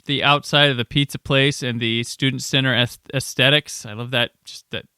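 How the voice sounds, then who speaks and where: Podcast host guy, bright crisp voice, tells stories and does the voices, dry mic. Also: medium pitch, moderate pace, no room sound. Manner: animated storyteller, acts out quoted voices. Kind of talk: casual chat.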